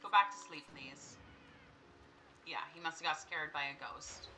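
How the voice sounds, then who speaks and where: A young woman with a bright, forceful voice gives casual gameplay commentary. She chats with the characters on screen as if they could hear her and sometimes bursts into startled, laughing screams. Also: sits low, measured pace, a little hiss or hum, low-quality recording. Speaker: gameplay streamer. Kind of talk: casual let's-play commentary.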